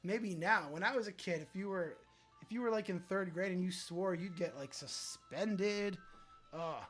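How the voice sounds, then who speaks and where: Low-key man reading chat comments. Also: moderate pace, fairly bright tone, soft background music. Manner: low-key, dry, reads comments aloud and reacts. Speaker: livestream host.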